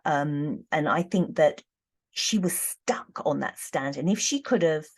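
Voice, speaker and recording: A woman reading tarot cards in a casual, thoughtful monologue, pausing often and restarting her sentences. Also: low-pitched, darkish tone, breathy edge. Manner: thoughtful, hesitant, many ums and restarts. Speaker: tarot reader.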